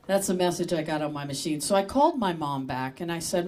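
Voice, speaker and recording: A woman's voice: lowish voice, quick pace, a little mellow. A woman hosting a live comedy show in a store, introducing the comedian with joking, rambling asides. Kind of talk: casual stage introduction.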